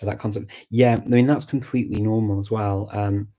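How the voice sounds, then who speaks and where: A man with a lowish, steady voice hosts a casual live chat about language learning at a moderate pace. He explains ideas thoughtfully, reads viewer comments aloud, and responds to them warmly.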